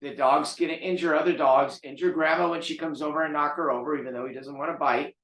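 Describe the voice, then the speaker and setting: A man's voice: a little high, steady tone, fast talker, a bit bright. A man who trains dogs, talking bluntly and emphatically as he lectures viewers. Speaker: dog trainer. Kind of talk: casual talk to camera. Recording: roomy echo.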